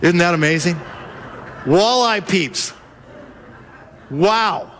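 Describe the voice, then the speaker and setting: A man preaching a sermon, telling the story in a lively way and acting out the voices of the people in it. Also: high voice, drawn-out words, a little hiss or hum. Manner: animated storytelling, acts out voices of the disciples. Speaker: pastor.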